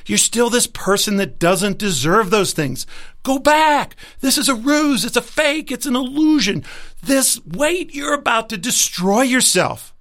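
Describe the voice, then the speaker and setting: A man's voice: very high voice, lively intonation, measured pace, a bit bright, pitched above the performer's own voice, heavily acted. A man voicing a scolding inner ego that urgently warns the listener to go back. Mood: alarmed scolding.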